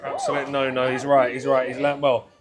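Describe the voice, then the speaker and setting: A man's voice: medium pitch, completely flat delivery, fairly quick, crowd noise. A British man hosting a casual food vlog, chatty and upbeat as he talks to camera. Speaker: food vlogger host.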